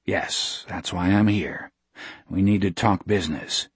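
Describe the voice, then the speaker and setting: A man's voice: low voice, unhurried, husky, dry recording, pitched below the performer's own voice, heavily acted. A man reading a guarded American lawyer. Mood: matter-of-fact. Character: wary American male lawyer far from home.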